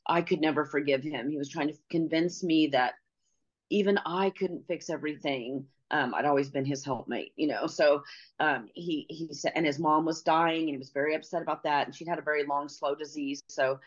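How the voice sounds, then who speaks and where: A middle-aged woman telling a personal story as an interview guest, halting and pausing, often restarting her sentences. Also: sits low. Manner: halting, with many pauses and restarts. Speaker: podcast guest. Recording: slightly dull lo-fi audio.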